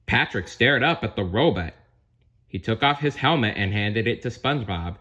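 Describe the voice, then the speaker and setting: A man's voice: fairly low pitch, expressive, moderate pace, bright, forceful tone, lo-fi sound. A man reading a storybook aloud, dropping in chatty asides to the listener. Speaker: narrator.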